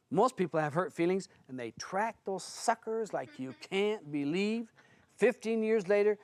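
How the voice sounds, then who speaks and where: Blunt, fairly high-voiced male spiritual teacher. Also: no room sound. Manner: blunt, conversational, storytelling. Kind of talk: seminar talk to an audience.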